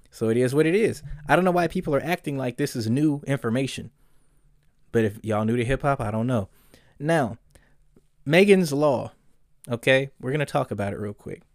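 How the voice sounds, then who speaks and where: A man's voice: mid-range voice, no room sound, studio quality. A man hosting a solo commentary podcast, ranting bluntly and profanely, often getting heated. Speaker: podcast host.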